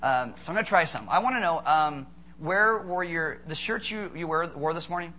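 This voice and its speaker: A man's voice: a little high, moderate pace, slight background noise. A man preaching a sermon, firing off rhetorical questions and joking with the congregation. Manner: animated, rhetorical questions, playful asides to congregation. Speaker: pastor.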